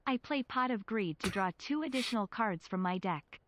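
Man doing a proud boy duelist from a cartoon, high and declaiming. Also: animated, moderate pace, fairly bright tone.

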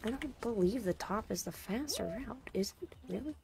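A woman's voice: fairly high pitch, lively intonation, normal speed. A woman streaming a game, muttering to herself in casual chatter and breaking into sudden frustrated outbursts.

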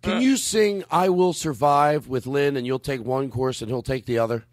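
A male podcast host in casual chat, excitable, swearing and quick to laugh. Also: medium pitch, no echo, clean studio sound.

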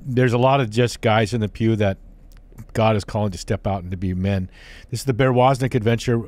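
Man, podcast host, quick break announcement, brief interjections. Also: lowish voice, a little mellow. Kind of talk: hosting an interview.

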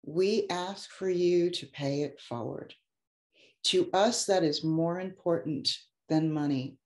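A woman's voice: fairly low pitch, takes it slowly, a little mellow, reverberant. A woman life coach giving an effusive, heartfelt motivational talk to an online audience. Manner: effusive and heartfelt, gets emotional.

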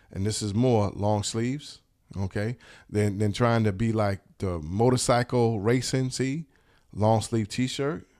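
A man hosting a channel for t-shirt sellers, talking casually and enthusiastically, in a relaxed, slangy way with plenty of swearing. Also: on the low side. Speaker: host of a t-shirt business channel. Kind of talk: casual talk showing shirt designs.

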